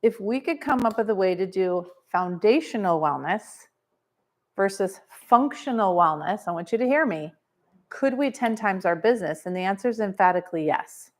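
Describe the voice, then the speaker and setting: Woman, seminar trainer, energetic, coaching tone, rhetorical questions, live audience talk. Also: mid-range voice, moderate pace. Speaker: wellness business trainer.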